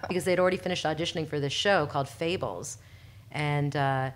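Low-pitched woman guest, lively storyteller who laughs a lot and mimics people. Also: fairly quick. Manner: animated, laughs often, acts out quoted people. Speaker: podcast guest, performer. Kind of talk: casual storytelling chat.

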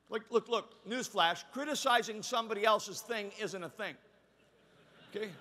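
A male preacher addresses a large conference crowd in a high, forceful voice. He builds to shouted peaks and then falls to a low, confiding tone. He often repeats words and restarts as he speaks. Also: moderate pace. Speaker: pastor. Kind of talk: conference sermon.

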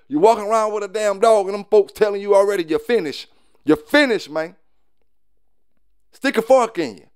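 A man with a drawl speaks off the cuff to his viewers in a high, smooth, resonant voice. He rambles, repeats his points, laughs briefly, and lectures his peers bluntly. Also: dry recording, clean studio sound. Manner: loose, repetitive, often asks "you know what I'm saying"; blunt and preachy, with short laughs. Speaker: dog kennel owner. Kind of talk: casual to-camera talk.

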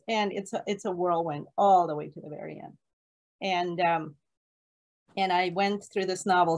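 A woman's voice: a little high, a little mellow. A woman leading an online book discussion on her own, talking enthusiastically and rambling, laughing often, on a video call. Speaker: literature course leader. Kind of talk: solo online book talk.

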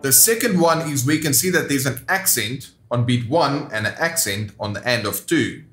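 A man teaching guitar in a roomy, echoing space, his voice sitting at an ordinary middle pitch. He explains each step plainly and counts the beats out loud as he goes. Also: expressive, moderate pace. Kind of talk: instructional lesson.

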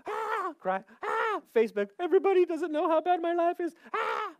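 A man preaching puts on the high, frantic voice of a worried person wailing about his troubles. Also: lively intonation, normal speed, dry recording, studio quality. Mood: panicked.

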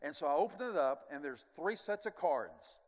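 An older male preacher tells his story from the pulpit, his voice sitting a little high. He drops to a near hush, then surges loud with chuckling asides. His words ring out with the long reverb of a big sanctuary. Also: big pitch swings, normal speed. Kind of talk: sermon testimony storytelling. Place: large church sanctuary.

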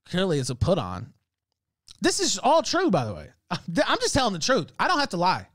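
A man's voice: sits high, wildly swooping pitch, fairly quick, fairly bright tone, no room sound. A man hosting a livestream, ranting in heated, profane casual talk and breaking into laughs. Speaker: livestream host.

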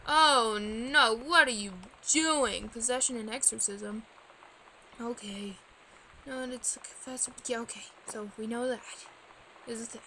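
A woman giving chatty, jumpy commentary while she plays a game, swinging from sleepy murmurs to sudden loud yelps. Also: a little high, unhurried. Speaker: let's player. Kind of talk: gaming commentary. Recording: gameplay with clear background noise.

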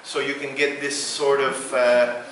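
A man with a Venezuelan Spanish accent, a native Spanish speaker, leading a vocal workshop, explaining in halting English full of fillers and breaking into sung syllables. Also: mid-range voice, level tone, a bit bright. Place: large hall. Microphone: far room microphone. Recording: distant, very echoey hall with background noise.

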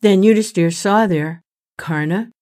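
A woman narrating a retelling of an ancient epic in a measured, solemn reading. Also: mid-range voice, mellow. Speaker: storyteller. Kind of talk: scripted narration of a sacred epic.

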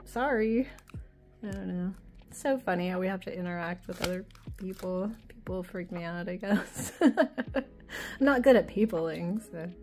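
Her voice is lowish with a dark tint. She's an adult with a child, leafing through oracle cards while she talks, giggling a lot, drifting off-topic, and poking fun at herself in a chatty way.

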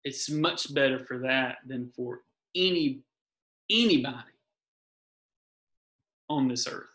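Bright-voiced man giving earnest encouragement. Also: medium pitch, slow pace, poor audio. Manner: encouraging, repeats key phrases. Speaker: guest. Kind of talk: earnest faith talk.

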